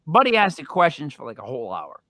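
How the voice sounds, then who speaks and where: A man hosting a casual paranormal talk show, joking and telling stories with animated delivery. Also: on the high side, fast, no room sound. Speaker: podcast host. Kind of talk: casual chat.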